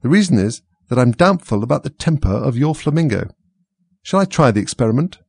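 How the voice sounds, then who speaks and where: A man's voice: medium pitch, sing-song, fairly quick, gravelly, a little mellow, slightly rough, no room sound, pitched above the performer's own voice, heavily acted. A man voicing a pompous, moralizing older noblewoman in a storybook reading, with a sing-song, preachy delivery. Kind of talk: audiobook character reading.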